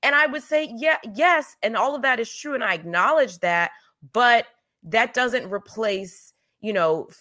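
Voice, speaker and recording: A woman's voice: medium pitch, a bit bright. A woman co-hosting a podcast, sharing personal stories in an emphatic, candid way with frequent restarts. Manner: emphatic, storytelling with many restarts. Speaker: podcast co-host. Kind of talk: candid conversational chat.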